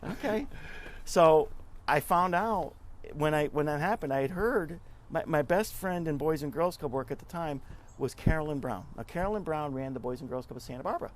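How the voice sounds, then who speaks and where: A man's voice: fairly high pitch, normal speed, few pauses. Middle-aged guy telling stories in an interview, acts out the quotes, bit of hiss behind him. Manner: chatty, animated storyteller who acts out quotes. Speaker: interview guest, nonprofit club leader. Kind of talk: casual storytelling interview.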